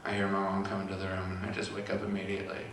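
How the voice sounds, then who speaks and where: A young man telling a personal story in a halting, quiet way with long pauses. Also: sits low, completely flat delivery, vocal fry, background noise. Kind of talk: personal testimony. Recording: echoey room from far off.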